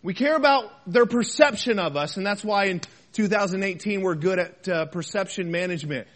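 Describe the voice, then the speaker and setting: A high-voiced man preaching a sermon as a pastor. He talks to the congregation in a conversational way, with rhetorical questions. He swings between loud emphasis and soft, quiet asides. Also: a little fast.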